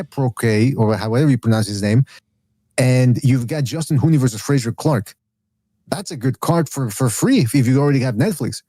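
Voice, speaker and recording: A man's voice: medium pitch, dark tone, no echo. A man hosting a casual boxing podcast, opinionated and rambling, full of restarts and asides. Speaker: podcast host.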